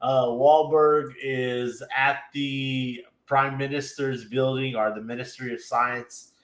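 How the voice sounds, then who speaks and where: A man's voice: mid-range voice, little pitch movement, slow pace, a bit bright, reverberant. A man casually recapping an anime episode, retelling scenes with laughs and little acted-out quotes. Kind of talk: casual chat.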